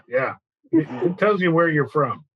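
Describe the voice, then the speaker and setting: A man in casual podcast chat, affable and joking, agreeing often with quick yeahs. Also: fairly high pitch, lively intonation, breathy edge, dry recording, highs cut off.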